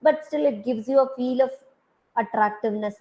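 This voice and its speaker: A woman's voice: on the high side, normal speed, highs cut off. A woman with an Indian English accent giving a university design lecture, talking through slide examples with many hesitant fillers.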